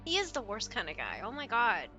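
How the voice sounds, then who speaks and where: Woman gaming streamer, bright high voice, gushing and rambling, faint game music. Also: brisk. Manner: excitable, rambling, exclaiming, many fillers and restarts. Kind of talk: casual live-stream commentary.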